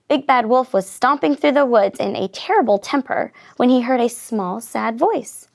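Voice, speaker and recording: A woman reads a children's picture book aloud with expressive, lively storytelling. Her voice sits fairly high and has a gravelly edge. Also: normal speed, few pauses. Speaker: reader.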